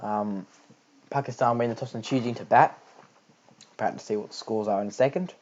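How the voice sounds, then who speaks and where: A man's voice: on the low side, a little fast, muffled recording. A young Australian man giving homemade live cricket commentary, chatty and rambling with lots of fillers.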